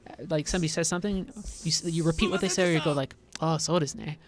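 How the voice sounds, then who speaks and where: A woman co-hosting a casual gameplay chat, animated and quick to act out quotes in put-on voices. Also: fairly low pitch. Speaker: co-host.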